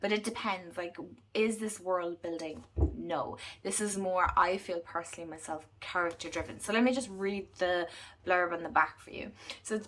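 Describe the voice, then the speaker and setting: A woman's voice: fairly low pitch, normal speed, bright, forceful tone. An Irish woman chatting casually to camera, rambling with fillers and restarts as she talks about books. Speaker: book and tarot vlogger.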